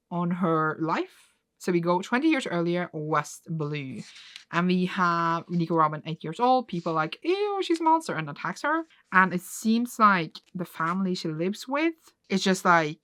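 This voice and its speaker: Bright, gushing woman vlogger. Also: deep voice, no room sound. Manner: gushing and excitable, full of "like" fillers. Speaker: reading vlogger. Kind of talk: casual reaction while reading manga.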